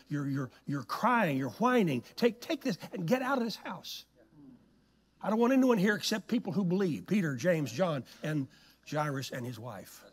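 A preacher acts out Jesus as a stern, commanding man whose firm orders ring through a reverberant church. The voice is husky and sits high. It rises and falls in lively swings. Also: heavily acted. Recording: long hall reverb in church.

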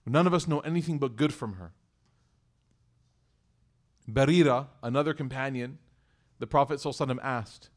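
Male community speaker at mid pitch, telling a story, animated with hushed asides. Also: fairly quick, long pauses. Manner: animated storyteller, swings between loud emphasis and hushed asides. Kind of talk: storytelling talk to a congregation.

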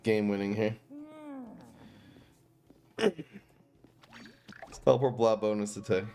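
A man's voice: medium pitch, normal speed, long pauses, a little mellow. A man streaming live, chatting casually and thinking aloud as he plays a card game. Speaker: gaming streamer.

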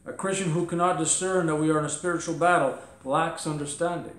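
A man's voice: on the high side, fairly even intonation, a little fast, a bit bright, roomy sound. A man preaching a sermon as pastor, emphatic, firing rhetorical questions and voicing mock objections. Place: church.

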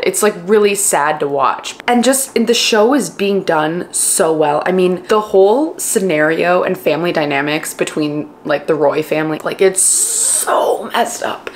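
A woman in her late twenties chatting casually to camera about books for her home vlog, expressive and sprinkled with "like" fillers. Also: fairly low pitch, slight background noise. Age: late 20s. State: tearful and emotional at times. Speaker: book vlogger.

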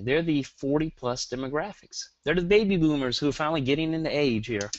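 A man with a Southern accent presenting a live online marketing webinar, energetic and hyperactive, firing rhetorical questions at his audience. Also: fairly high pitch, a little fast, dry recording, muffled recording.

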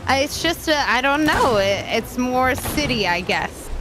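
A woman's voice: high-pitched, lively intonation, unhurried. Bubbly woman on a game stream. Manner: bubbly, giggly, exclaims often. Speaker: guest streamer. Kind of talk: casual game stream chat. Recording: game stream with background noise.

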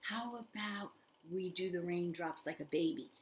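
An older woman leading a toddler story time, talking straight to small children in an animated, sing-song way. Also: lowish voice, moderate pace, a little hiss or hum. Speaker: children's librarian.

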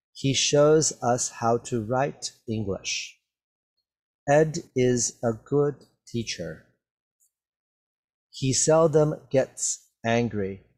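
Male teacher for a slow vocabulary drill, middle pitch, very deliberate delivery, repeats each word clearly. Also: a little mellow. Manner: very slow, carefully enunciated, repeats words for learners. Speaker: English teacher. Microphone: wears a mask while talking.

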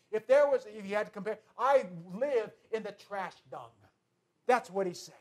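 A pastor with a notably high voice delivers a sermon to his congregation at normal speed. He relies heavily on repetition, moving between hushed asides and ringing declarations while staying earnest throughout.

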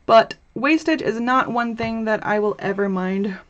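A woman's voice: on the high side, unhurried, muffled recording. A young woman hosting a live crafting tutorial, chatty and bubbly, chatting with viewers as she works and laughing often. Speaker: host of a crafting livestream.

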